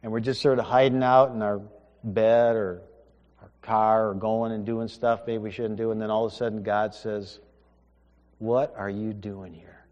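A man preaching a sermon, retelling a scripture story with rhetorical questions, moving between hushed asides and emphatic passages. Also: fairly low pitch, flat delivery, normal speed, dull audio. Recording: echoey hall with long reverb.

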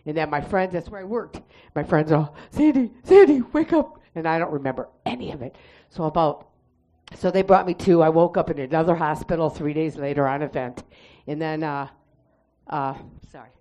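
A woman giving a testimony and spoken prayer in church, telling her story in a lively way and acting out the voices she quotes. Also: low voice, a little fast.

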